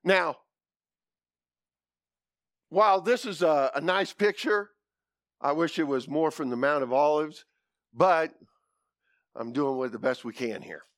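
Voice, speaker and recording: A man preaching a folksy, animated sermon, with whoops and asides to the congregation. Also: fairly high pitch, a little slow, long pauses, no room sound, clean studio sound.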